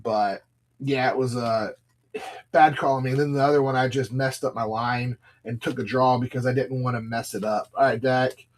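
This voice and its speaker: The speaker has a mid-range voice with fairly even intonation and a moderate pace. He's a live stream seller opening card packs, casually chatting and rambling through stories, reading cards, and greeting viewers by name.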